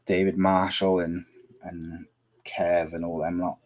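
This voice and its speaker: Hoarse, rambling podcast host. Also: male voice, low-pitched, little pitch movement, unhurried, darkish tone. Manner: chatty, teasing, rambling with many restarts. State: losing his voice. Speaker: podcast host reading viewer comments. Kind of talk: casual live chat.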